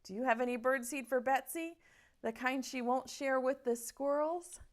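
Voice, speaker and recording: A woman teaching online preschool circle time, chanting patterns in a slow sing-song teacher voice. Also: sits high.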